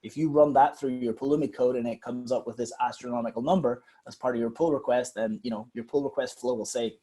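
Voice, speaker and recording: A man guest explaining software in a webinar, rambling and emphatic with repeated phrases. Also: mid-range voice, fairly even intonation, fast, few pauses, husky.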